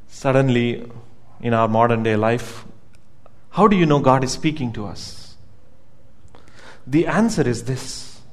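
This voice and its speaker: A man preaching a sermon as pastor, emphatic, repeating words as he builds each point and asking the congregation questions. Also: on the high side.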